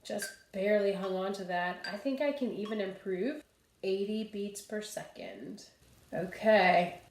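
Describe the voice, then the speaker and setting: A young woman coaching a vocal warm-up in a chatty, self-amused way, with breathy sighs and crisp tongue twisters. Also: mid-range voice, lively intonation, unhurried, slight background noise. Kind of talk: casual vocal warm-up lesson. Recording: roomy echo.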